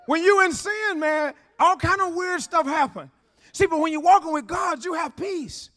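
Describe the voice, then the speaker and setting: High-voiced fervent preacher man. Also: moderate pace. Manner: fervent call-and-response preaching, repetitive, builds to shouting. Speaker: pastor. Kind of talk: sermon.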